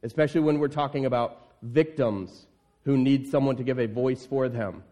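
A man's voice: medium pitch, normal speed, dark tone. A man preaching a sermon in an earnest, emphatic way, repeating key phrases. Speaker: pastor. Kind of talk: sermon with scripture reading.

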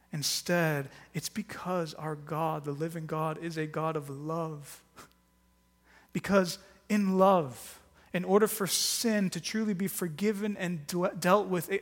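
A man delivers a sermon to his congregation with earnest, emphatic conviction, leaning into his key phrases. His voice sits a little high for a man. The sound rings with the long reverb of a church hall. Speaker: pastor.

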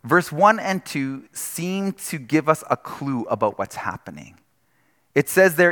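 A man's voice: on the high side, sing-song, a little slow, fairly bright tone. Man preaching in a reverberant hall. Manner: conversational, explanatory, with frequent "right?" asides. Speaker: pastor. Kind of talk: sermon.

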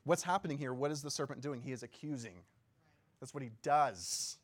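A man's voice: mid-range voice, brisk. A man giving a casual sermon as a pastor, talking conversationally, joking and often asking his listeners questions. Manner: laughs easily and jokes.

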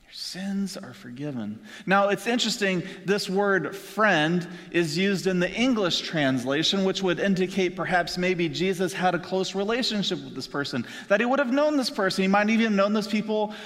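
High-voiced storytelling preacher in a reverberant hall. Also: male voice, normal speed, few pauses. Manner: animated storyteller, puts on voices for people in the story. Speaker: pastor. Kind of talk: sermon with acted-out voices.

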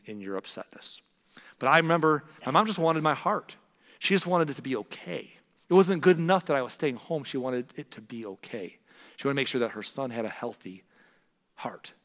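A man preaching a sermon as a pastor, earnest and storytelling, dropping to hushed tones for emphasis. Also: medium pitch, lively intonation, moderate pace. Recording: long reverb in a large hall.

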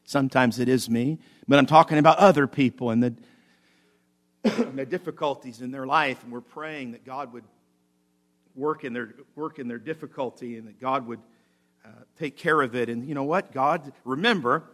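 A man, a pastor, preaching a sermon with animated swings between loud emphasis and quiet asides. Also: mid-range voice, normal speed. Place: church.

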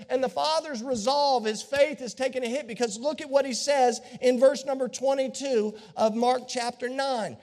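A man preaching a sermon as pastor, dramatic, acting out the voices of Bible figures and swinging from hushed tones to shouts. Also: extremely high pitch. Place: church sanctuary. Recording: long hall reverb.

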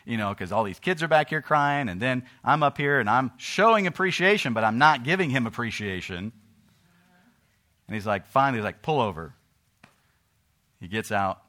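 A middle-aged male pastor with a bright, forceful voice. He reads scripture slowly and loudly, then drops low and casual to tell a personal story, with a pitch that sits in the ordinary middle range. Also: lively intonation. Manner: preaching, swings from loud emphatic scripture reading to low conversational storytelling.

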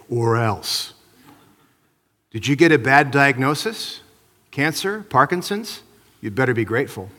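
A male pastor delivers a sermon in a casual, conversational way, often putting questions to his listeners. His voice sits a little high and swings widely in pitch. The sound carries the long reverb of a church sanctuary. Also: fairly bright tone. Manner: conversational, asks the congregation questions.

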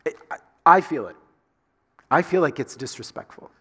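A man's voice: fairly high pitch, lively intonation, moderate pace, sharp tone, slightly rough, big-room sound. A man from the Southern United States with a Southern accent, preaching a sermon in a conversational way full of rhetorical questions. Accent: Southern American. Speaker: pastor.

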